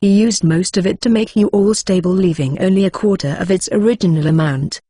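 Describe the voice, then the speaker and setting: A text-to-speech reader voicing a devoted young woman companion, read in a flat, even way. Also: medium pitch, brisk, no room sound, clean studio sound, close to an everyday voice. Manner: flat, even delivery with no character voice. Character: devoted young female companion, calm and scheming.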